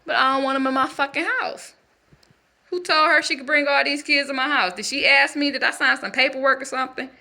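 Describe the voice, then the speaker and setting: A woman's voice: high voice, fairly even intonation, fairly quick, pushed and bright, heavily acted. A woman speaking as a bitter, racist stepfather who drives a truck, ranting in profane street talk. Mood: scheming. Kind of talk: channeled monologue in character.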